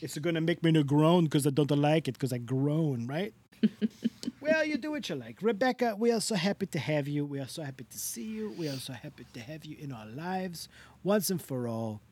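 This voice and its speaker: A man's voice: on the high side, animated, a little fast, a little mellow, husky. A man on a podcast putting on a comic voice as a doting, effusive Italian-American greeter who talks in an over-the-top welcoming way. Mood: gushing. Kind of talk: comic character bit on a podcast.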